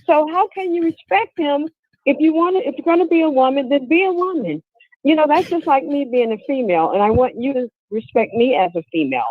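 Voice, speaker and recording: Caller: a woman with a high, swooping voice, earnest and opinionated, on a dry phone line. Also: animated, fairly quick, dry recording. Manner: earnest, opinionated, asks the host directly. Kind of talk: call-in opinion.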